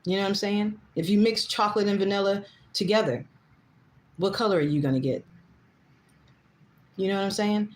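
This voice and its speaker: A woman's voice: mid-range voice, moderate pace, long pauses. A woman hosting a casual livestream, chatting loosely, reading out viewer comments and getting heated and emphatic when she vents. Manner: chatty, rambling, reads comments aloud. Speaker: livestream host.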